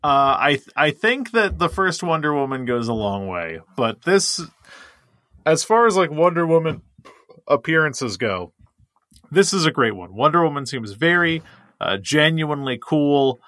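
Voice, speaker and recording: A man's voice: on the high side, very animated, measured pace, fairly bright tone, no room sound, studio quality. A man co-hosting a podcast, talking films in a wry, sarcastic manner. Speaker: podcast co-host. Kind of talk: casual film discussion.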